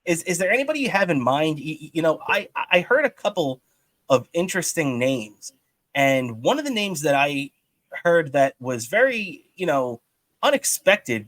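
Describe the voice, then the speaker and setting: A man's voice: on the high side, a bit bright, dry recording. Rambling man talking hockey. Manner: rambling, many restarts and fillers. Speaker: podcast co-host. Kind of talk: casual sports talk.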